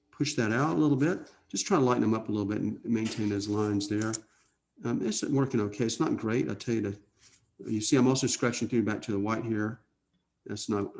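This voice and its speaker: Gravelly-voiced man demonstrating airbrush painting. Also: medium pitch, a little hiss or hum. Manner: relaxed, thinking aloud with frequent "okay?" check-ins. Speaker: art instructor.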